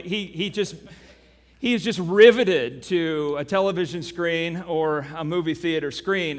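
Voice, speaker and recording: A man preaching a sermon as pastor. He tells a story with animation and then turns quiet and earnest. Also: a little high. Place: church sanctuary. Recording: long reverb of a church hall.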